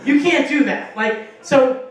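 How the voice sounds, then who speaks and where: A woman's voice: high voice, measured pace. A young woman doing a stand-up comedy set in a small bar, telling profane stories with acted-out quotes. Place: small bar stage with a live audience. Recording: echoey room, mic from far off.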